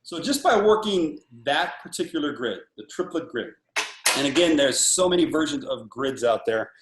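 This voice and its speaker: A man in his sixties giving a casual drum lesson over a video call, animated and counting off patterns as he explains them. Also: fairly high pitch, moderate pace, echoey room, very noisy. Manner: animated, talks through patterns while counting off. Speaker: drum instructor.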